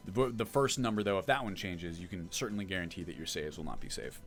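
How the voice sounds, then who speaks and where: A man's voice: deep voice, lively intonation, fast talker, a bit bright, soft background music. A man running a casual livestream, chatting as he explains update details and answers chat, thinking aloud as he goes. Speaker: mod developer streaming.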